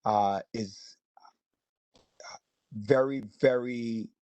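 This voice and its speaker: A man speaking on a video call as chair of a local board. He is middle-pitched and talks in a hesitant, good-humored way with plenty of ums. The sound is dry and close, with no room echo. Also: fairly even intonation, extremely slow, a little mellow. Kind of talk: casual meeting remarks. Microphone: video call mic.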